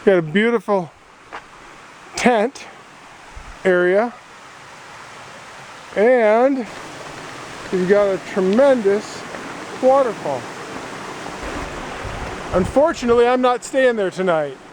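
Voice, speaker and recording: A man's voice: high-pitched, animated, slow, pauses often, darkish tone, a little hiss or hum. A man vlogging his solo hike in a casual, playful, rambling way, talking outdoors by a lake into a handheld camera. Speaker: solo hiker filming his trip. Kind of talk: casual trail vlog.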